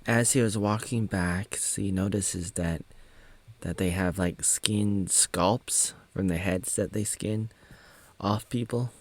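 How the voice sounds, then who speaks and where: Guy in his 30s from oregon rambling through a movie recap, slow and kinda low, jokey little singsong bits. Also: fairly even intonation. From Oregon, United States. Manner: rambling and jokey, with sing-song asides. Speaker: video maker recapping a film. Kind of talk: casual movie commentary.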